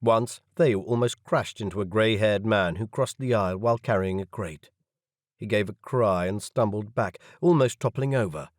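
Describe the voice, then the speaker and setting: A man narrating an audiobook in the first person with an expressive reading. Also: fairly low pitch, moderate pace, dry recording, clean studio sound.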